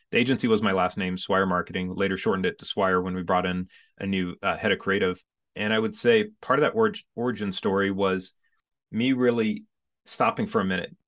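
A man in his forties with a lowish voice tells his story as a podcast guest. He speaks casually and with energy, and now and then acts out how he reacted back then. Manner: animated storyteller who acts out his own past reactions. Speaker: podcast guest, business coach.

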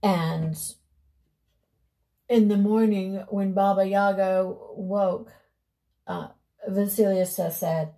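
A woman vlogger telling a fairy tale casually while doing her makeup, with loose, unhurried asides. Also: medium pitch, fairly even intonation, warm tone. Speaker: beauty vlogger.

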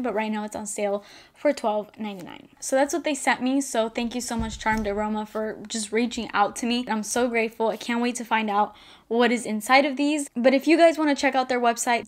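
A young woman in a casual unboxing vlog, gushing and excited, with lots of "like" fillers. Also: on the high side. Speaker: beauty vlogger.

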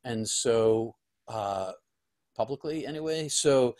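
Earnest halting man telling his story. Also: mid-range voice, a little mellow. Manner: earnest, halting, with many restarts. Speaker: guest. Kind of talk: personal storytelling in an interview.

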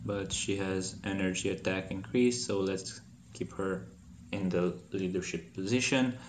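A man hosting a gaming channel, giving casual gameplay commentary, profane and swearing freely, with animated outbursts of mock anger. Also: low-pitched, measured pace, reverberant, slight background noise.

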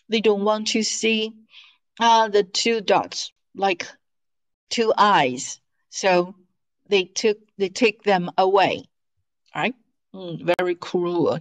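A woman's voice: mid-range voice, takes it slowly, long pauses, low-quality recording. A woman teaching an online lesson in English, patient, stretching out syllables as she models them over a video call. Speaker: Mandarin teacher.

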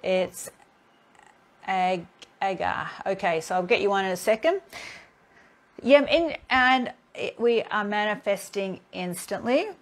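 A woman with a mid-range voice speaks a little slowly and pauses often. She's a healing therapist chatting casually on a live stream about spiritual matters, telling her own stories with energy as an animated storyteller who acts out both sides of each encounter.

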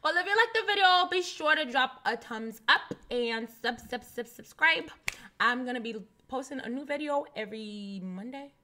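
A woman's voice: high voice, animated, normal speed, hardly any pauses, bright, forceful tone. A woman casually reacting to a game trailer in a chatty vlog, repeating herself and laughing easily.

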